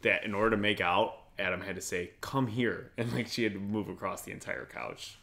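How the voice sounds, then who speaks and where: A man's voice: low voice, steady tone, a little fast, vocal fry, sharp tone. A man co-hosting a podcast in casual chat, sarcastic and swearing freely. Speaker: podcast co-host.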